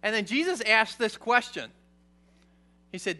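Animated high-voiced man teaching the Bible. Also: unhurried. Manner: conversational, animated, checks in with "okay?". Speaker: preacher.

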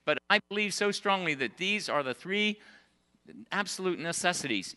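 Grandfatherly preacher with a bright voice. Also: high voice, big pitch swings, normal speed. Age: older. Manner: emphatic preaching that drops to soft, quiet storytelling. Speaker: pastor. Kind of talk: sermon.

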